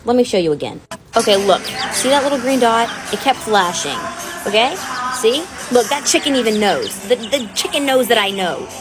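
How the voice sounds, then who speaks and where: Young woman in her 20s, high pitch, sarcastic storytime creator. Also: animated, moderate pace, music in the background. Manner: chatty, sarcastic, filler-heavy. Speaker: content creator. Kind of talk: storytime monologue to camera.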